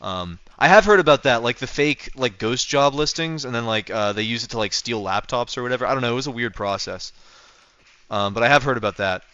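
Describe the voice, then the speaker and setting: A young man streaming a game, bantering with his chat in a bright, smooth voice. He jokes and teases as he answers viewers. The sound is dry and slightly dull, from a home mic. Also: medium pitch, expressive, a little fast, dry recording. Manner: joking, teasing, reacting to chat. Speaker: livestreamer. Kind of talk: casual livestream chat while playing.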